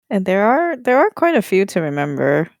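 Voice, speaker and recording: A woman's voice: on the high side, vocal fry, no room sound, studio quality. A woman co-hosting a casual book podcast who laughs often and talks animatedly. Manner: giggly, lively. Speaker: podcast co-host.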